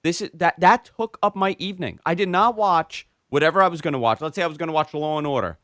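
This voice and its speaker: A man co-hosting a casual tech podcast, telling stories in an animated way with emphatic asides. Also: on the high side, fast talker, dry recording, studio quality. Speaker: podcast co-host and video creator.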